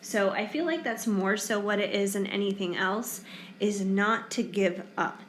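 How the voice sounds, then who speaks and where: A woman's voice: medium pitch, a little slow. A woman giving a casual pick-a-card tarot reading, chatty and reassuring with lots of fillers, sounding tired late in the day. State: tired, yawning. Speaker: tarot reader. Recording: echoey room with faint ambience.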